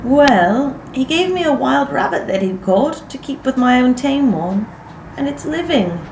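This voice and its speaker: A woman's voice: high voice, very animated, measured pace, darkish tone, slight background noise, voice pushed up, full character voice. A woman narrator voicing a bold, practical teenage country girl who chatters eagerly, using northern English dialect words. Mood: indignant. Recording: roomy echo.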